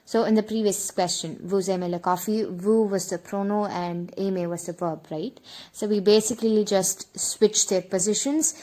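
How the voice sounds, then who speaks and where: A woman's voice: mid-range voice, mellow. A woman teaching beginner French on her channel, speaking in a mid-range voice. She walks through each rule patiently, repeating the example sentences so viewers can follow along. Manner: explanatory, repeats examples slowly. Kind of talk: online language lesson.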